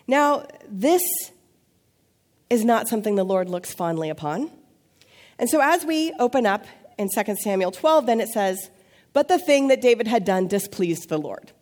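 A woman pastor, preaching a sermon with lively storytelling, playful asides and acted-out voices. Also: medium pitch, normal speed.

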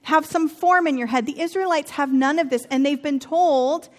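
High-voiced woman teaching Scripture. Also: moderate pace. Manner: chatty and humorous, with personal asides. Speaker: Bible teacher. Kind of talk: conversational Bible teaching.

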